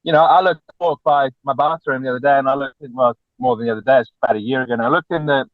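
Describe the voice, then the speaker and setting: A man speaking as a relationship coach guest on a podcast, lecturing bluntly and forcefully, with lots of repetition. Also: mid-range voice, fairly even intonation, very fast, dry recording. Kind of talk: podcast interview. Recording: tinny phone-like dry line.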